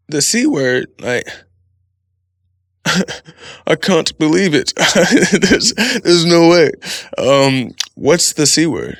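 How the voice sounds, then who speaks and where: Gravelly dude riffing on his podcast, swears a lot, laughs easy, dry close mic. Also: a little high, very animated, very slow, long pauses, a bit bright, dry recording. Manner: profane, laughing, rambling storyteller. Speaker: podcast host. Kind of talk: casual solo podcast monologue.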